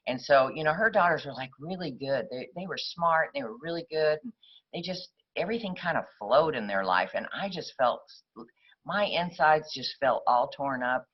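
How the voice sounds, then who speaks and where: A woman's voice: sits low, expressive, moderate pace, breathy edge. Woman, recovery meeting speaker, rambling conversational storyteller, muffled lo-fi recording.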